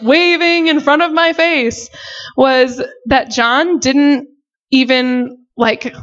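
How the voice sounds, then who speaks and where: A young woman, a missionary, giving a personal faith testimony in an earnest, emotional way with many casual fillers. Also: high voice. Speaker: missionary sharing her testimony. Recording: dull lo-fi recording.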